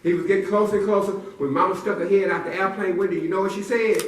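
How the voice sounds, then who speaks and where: A man's voice: sits high, fairly even intonation, fast talker, slight background noise. A man telling a silly story to a live audience with playful call-and-response build-ups. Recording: echoey room from far off.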